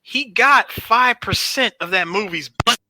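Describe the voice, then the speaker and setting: A man co-hosting a podcast, jumping in with excited casual chat. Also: sits high, unhurried, background noise. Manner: excited, interrupting. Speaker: podcast co-host.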